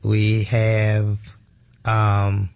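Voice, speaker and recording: A man's voice: on the low side, completely flat delivery, extremely slow, vocal fry, darkish tone. A man working as a museum educator, a guest on a radio interview who explains things in an easygoing way.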